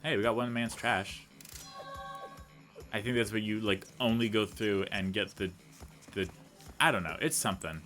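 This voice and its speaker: A man's voice: fairly low pitch, moderate pace, long pauses, a bit bright, faint music behind. Rambling man doing game commentary. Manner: rambling, chatty, goes off on tangents; self-deprecating, jokey asides. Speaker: let's play commentator. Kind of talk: casual gameplay commentary.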